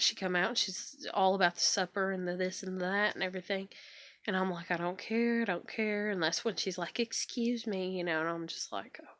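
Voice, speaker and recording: A woman's voice: on the low side, a bit bright, no room sound. A young woman vlogging into her phone, venting in a frustrated, swearing, repetitive rant about home life.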